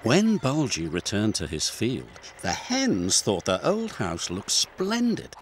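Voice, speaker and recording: A British man narrating a children's storybook with warm, expressive telling. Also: lowish voice, slow pace, slight background noise. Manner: warm, expressive storytelling with many character voices. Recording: studio voice-over with music underneath.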